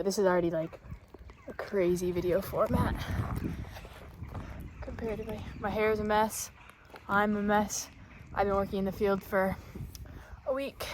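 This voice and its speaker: Breathless young woman vlogging outdoors. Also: medium pitch. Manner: rambling, chatty, self-deprecating. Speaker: book vlogger. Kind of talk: casual vlog chat. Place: outdoors in grassy countryside. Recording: outdoor phone recording with noise.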